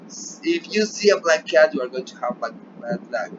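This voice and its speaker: Pitched a bit above the usual male range, this Colombian-accented English teacher leads a recorded remote lesson with real expressiveness, mixing Spanish into his English. He keeps checking on his students with a quick "yeah?". Behind him, the lo-fi, flat-sounding recording carries obvious noise.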